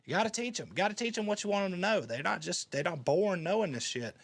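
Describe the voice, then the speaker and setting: A man's voice: high voice, animated, fast talker, vocal fry, a bit bright. A man hosting a podcast, answering call-in messages in a laid-back, rambling way. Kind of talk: casual commentary.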